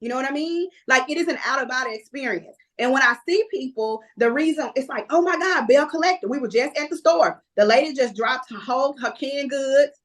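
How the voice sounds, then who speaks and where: A woman's voice: high voice, fairly quick, few pauses. A woman, a reality TV guest telling stories in casual chat, acting out other people's lines as she goes. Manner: lively storyteller, acts out other people's lines. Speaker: reality TV cast member, guest. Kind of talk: casual interview chat, storytelling.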